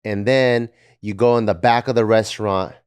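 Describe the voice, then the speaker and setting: A man's voice: fairly low pitch, steady tone, normal speed, clean tone. A man co-hosting a comedy talk show, setting up absurd hypothetical scenarios in joking banter. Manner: sets up absurd hypotheticals, laughs often. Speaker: co-host.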